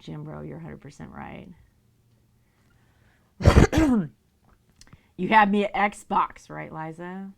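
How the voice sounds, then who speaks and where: This woman's voice is slow and creaky, full of pauses, as she chats casually on a livestream. She often laughs, reads messages from viewers, and uses a high sing-song voice with her cats.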